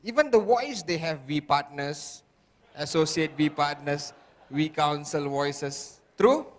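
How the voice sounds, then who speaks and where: A man's voice: a little high, lively intonation, slow. A man giving a motivational seminar talk who keeps firing rhetorical questions at the audience. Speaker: motivational speaker. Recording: long reverb of a large hall.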